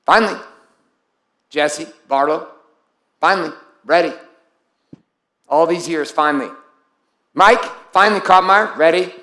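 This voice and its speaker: Male motivational coach, high voice; blunt, swearing, intense delivery to a live group. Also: unhurried, long pauses, sharp tone, roomy sound. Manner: blunt, profane and intense, calling on people by name. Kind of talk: live motivational speech to an audience.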